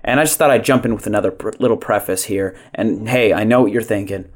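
A man's voice: on the low side, a little fast, few pauses. Rambling male podcast host. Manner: self-deprecating, rambling with many fillers. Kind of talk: casual podcast chat.

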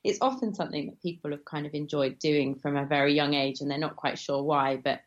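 A woman's voice: deep voice, steady tone, fairly quick, highs cut off. A woman from England, an actress talking casually as an interview guest, chatty and rambling with many fillers and restarts.

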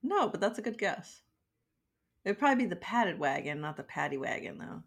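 A woman's voice: mid-range voice, big pitch swings, brisk. A woman co-hosting a podcast in casual chat, dry and sarcastic in manner. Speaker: podcast co-host.

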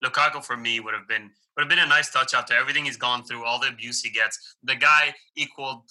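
A man of middle pitch who talks fast in a very bright voice. He chats about football casually and loosely, with a slangy manner. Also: steady tone, low-quality recording. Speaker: podcast co-host.

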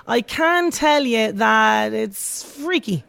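A woman's voice: a little high, expressive, slow, vocal fry, a bit bright, no room sound. Chatty Irish woman radio presenter. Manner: chatty, upbeat, reads out listener messages. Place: outside broadcast at a local venue.

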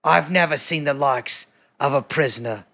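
A man voicing a pompous old male judge in a slow, grave storytelling manner. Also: on the high side, gravelly, bright, forceful tone.

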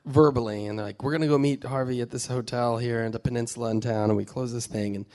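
Casting note: man in casual chat, lively storyteller, swears and laughs through his anecdotes. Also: medium pitch, quick pace. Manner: animated, swearing, laughing while telling anecdotes. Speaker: film director.

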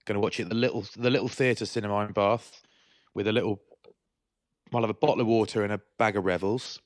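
A man's voice: lowish voice, steady tone, fast, no room sound, studio quality. A man co-hosting a podcast, joking and self-mocking in casual banter. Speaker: podcast co-host. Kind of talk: casual chat.

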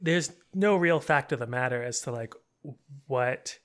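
A man's voice: medium pitch, a little slow. A man in casual conversation, recapping a film with frequent laughter and many restarts. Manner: animated, laughs often, stumbles and restarts.

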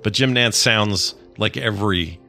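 A man's voice: fairly low pitch, a little slow, sharp tone, faint music behind. Rambling middle-aged father hosting a podcast. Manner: rambling, self-correcting, chatty. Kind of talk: casual chat.

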